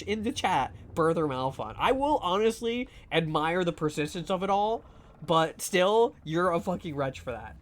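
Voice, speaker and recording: Guy streaming a game, kinda high voice, rambles and swears a lot, teases chat. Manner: rambling, filler-heavy, profane, teasing. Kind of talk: casual live gameplay chat.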